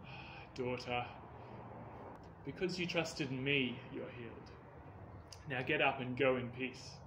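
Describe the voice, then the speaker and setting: A man voicing a calm, gentle healer, speaking softly, slowly and low. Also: far from the mic, background noise, natural voice. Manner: soft, slow and low. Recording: echoey room.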